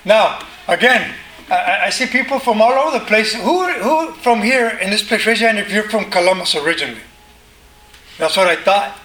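A man's voice: sits high, very animated, moderate pace, sharp tone. A man preaching a sermon to a congregation, talking casually and asking the listeners questions. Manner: conversational, asks the congregation questions. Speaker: pastor. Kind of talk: sermon teaching. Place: church hall with congregation. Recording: roomy hall sound with faint noise.

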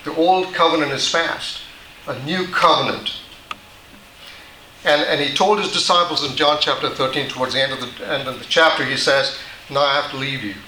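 A man's voice: on the high side, moderate pace, sharp tone, roomy sound, slight background noise, poor audio. A man preaching a sermon, teaching patiently and often restarting his sentences. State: dry mouth. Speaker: pastor.

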